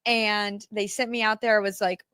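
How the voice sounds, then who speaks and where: A woman's voice: mid-range voice, little pitch movement, normal speed, fairly bright tone, clean tone, no echo. A young adult woman co-hosting a live show, talking casually and laughing often, with lots of fillers. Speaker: co-host. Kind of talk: casual chat.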